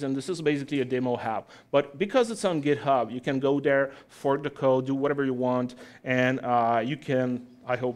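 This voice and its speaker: A man speaking in front of a live audience as he walks through a software demo step by step. His delivery is chatty and loose, with asides and jokes thrown to the crowd. His pitch sits in an ordinary middle range. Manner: chatty, joking with the audience between steps. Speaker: tech conference speaker.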